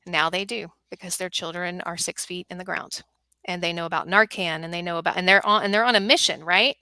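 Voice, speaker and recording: A middle-aged woman who hosts a podcast and runs workshops for moms, speaking as a guest in an earnest, animated way. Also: lowish voice, brisk, no echo. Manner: earnest, animated storytelling with acted quotes. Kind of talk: guest on a talk show.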